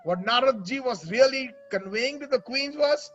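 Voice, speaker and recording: A man's voice: very high voice, animated, normal speed, hardly any pauses, a bit bright, muffled recording, faint music behind. A man telling a devotional story as a sermon, with an emotional delivery that turns tearful at times. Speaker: religious storyteller.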